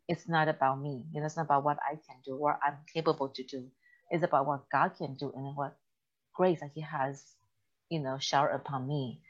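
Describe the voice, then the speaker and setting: A woman's voice: low-pitched, highs cut off. A middle-aged woman hosting a casual faith talk, telling stories with lots of laughter. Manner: animated storytelling, laughs often.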